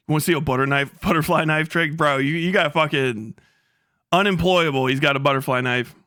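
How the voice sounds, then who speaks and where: Speaking at a normal speed with frequent pauses, this young livestream host has a slightly high voice and goes on a loose, cursing rant. He gets excitable, laughs a lot, and drops into mock voices.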